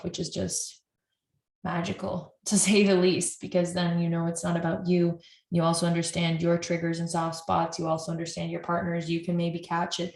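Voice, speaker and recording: A woman's voice: lowish voice, a little mellow, reverberant. A woman couples therapist earnestly explaining at length to camera, often restarting her sentences.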